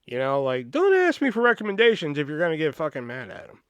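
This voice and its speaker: A man's voice: on the high side, fast talker, clean tone, no echo. A man in his thirties hosting a podcast, telling rambling comedic anecdotes with a lot of swearing. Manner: animated, profane, rambling anecdotes. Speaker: podcast host. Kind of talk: comedic storytelling.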